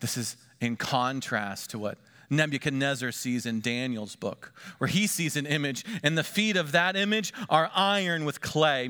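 A middle-aged pastor preaches, shifting between hushed, quiet asides and lifted, emphatic lines. His voice is medium in pitch, clear and resonant.

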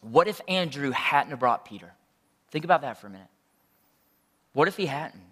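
A man's voice: a little high, lively intonation, normal speed, a bit bright. A man preaching a sermon as pastor, in a conversational and joking way.

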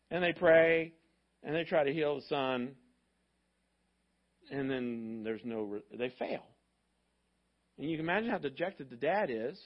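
Animated high-voiced male preacher. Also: highs cut off. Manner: animated storytelling preacher, conversational. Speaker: pastor. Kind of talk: sermon.

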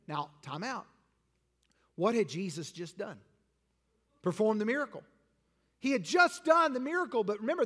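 A man pastor preaching a sermon in an animated way, swinging from loud declarations to hushed lines. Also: sits high. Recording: long hall reverb.

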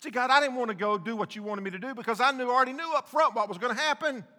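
A man's voice: extremely high pitch, rapid-fire, pushed and bright, long reverb tail, pitched above the performer's own voice. A male preacher voicing an indignant prophet who complains to God, whiny and exasperated.

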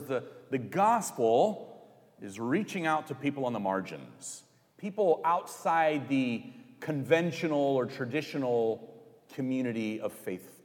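Man, pastor, sermon, slow and lively, conversational, long church reverb. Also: on the high side. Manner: conversational, animated, acts out quoted lines.

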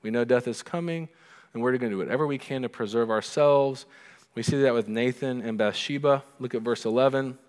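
A middle-aged man preaches a sermon with an animated, storytelling delivery. His voice sits at an ordinary pitch. He sounds like he is in a church, with a long reverb of the hall trailing each phrase. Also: fairly quick, clear, resonant tone. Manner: animated preaching, acting out quoted lines. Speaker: pastor.

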